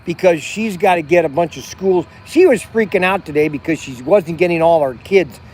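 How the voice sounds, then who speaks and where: At night by a campground fire, a middle-aged vlog host rambles through a livestream, restarting often and leaning on fillers. His fairly high voice is a little mellow and moderately paced, with slight background noise.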